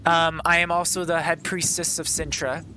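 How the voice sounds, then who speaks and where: A man's voice: a little high, flat delivery, moderate pace, bright, forceful tone, a little hiss or hum, low-quality recording. A man voicing a polite, formal female head priestess in a tabletop game, with small hesitations.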